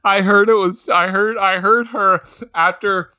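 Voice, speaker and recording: A young man co-hosting a podcast, talking in an excitable way and stammering often as he reacts. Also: high voice, a little slow. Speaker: podcast co-host. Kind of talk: casual movie recap chat.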